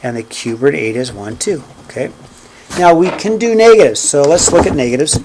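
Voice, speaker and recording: Math teacher guy talking a class through graphing, kinda higher voice, counts out loud, a little background noise. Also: animated, brisk. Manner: checks in constantly with "okay?" and "right?"; counts steps aloud while graphing. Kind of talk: classroom lecture.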